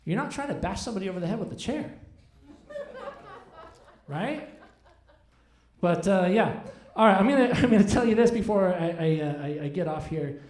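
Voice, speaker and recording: A man's voice: high-pitched, a little mellow. A man in his forties doing a rambling, self-deprecating stand-up set, chatting with the audience from a club stage. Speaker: stand-up comedian. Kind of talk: stand-up comedy set with crowd work. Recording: echoey live room.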